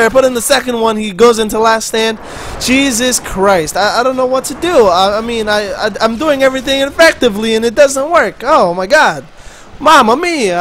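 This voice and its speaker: Man, high voice, casual gameplay commentary, rambling, chatty, swears offhand, home mic. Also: a bit bright, slight background noise. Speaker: gaming channel host.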